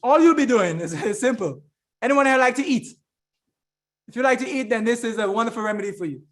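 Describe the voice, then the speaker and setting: A man's voice: very high-pitched, animated, fairly quick. A man giving a fervent, preaching-style health talk as an evangelist and remedies trainer, rambling with restarts and often calling the listeners friends. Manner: rambling with frequent restarts and fillers.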